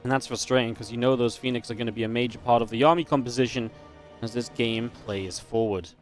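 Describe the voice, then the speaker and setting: A man's voice: mid-range voice, fairly even intonation, fast talker, faint music behind. A man casting a strategy game match, chatty and analytical, breaking into easy laughs. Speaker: esports caster. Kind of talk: play-by-play game commentary.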